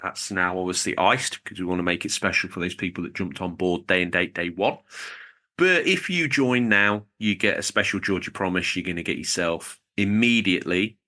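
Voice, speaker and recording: A man's voice: deep voice, a little fast, bright, forceful tone. A man co-hosting a podcast, chatting in a jokey, rambling way while reading out supporters. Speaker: podcast co-host. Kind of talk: casual podcast chat.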